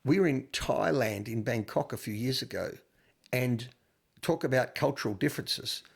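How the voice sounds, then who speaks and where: An Australian man co-hosting a podcast, telling animated anecdotes in casual chat with frequent stammered restarts. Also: medium pitch, normal speed, creaky, slightly rough. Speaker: podcast co-host.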